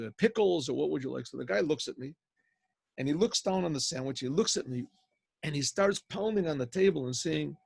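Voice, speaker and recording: Here a rabbi, an older man, gives a casual spoken Torah lesson online via video call, recounting a story with quoted voices and Hebrew words. His voice is medium-pitched, slightly rough, with vocal fry, and the sound is dry.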